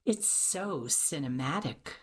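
A woman's voice: sits low, lively intonation, slow pace, slightly rough, exaggerated voice. A woman voicing an eager, chatty male print-shop owner with a salesy manner.

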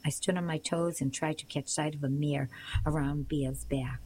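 A woman narrating a storybook in the first person with a steady, measured reading. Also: low-pitched, husky, low-quality recording. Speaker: audiobook reader.

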